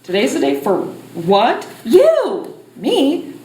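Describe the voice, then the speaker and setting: A woman's voice: high-pitched, huge pitch swings, drawn-out words, mellow, reverberant. A woman performing a live comedic theatre monologue, blunt and exasperated, with some swearing. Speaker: stage performer. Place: small theatre stage, indoors.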